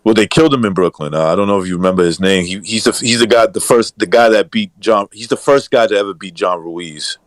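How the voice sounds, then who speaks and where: A man's voice: on the low side, quick pace, hardly any pauses, no room sound. A man co-hosting a podcast, telling loose stories in casual chat and swearing casually.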